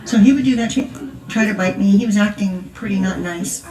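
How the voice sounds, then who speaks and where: An older grandmother speaks fairly quickly in a mid-range, darkish voice, telling stories with plenty of chatter and laughter. The testimony takes place at a conference in a large church hall, where the echo makes her sound remote.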